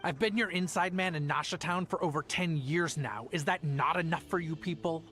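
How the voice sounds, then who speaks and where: A male actor playing a worried, apologetic family man in a video game, delivering his lines in a flat, read-out way. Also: on the high side, normal speed, soft background music, lightly acted. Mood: defiant.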